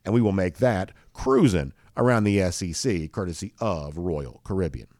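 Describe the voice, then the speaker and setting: A man's voice: low voice, animated, normal speed, darkish tone, soft background music. A man hosting a daily college football talk show, rambling casually with many fillers and restarts. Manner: rambling, self-correcting, with frequent fillers. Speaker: sports show host.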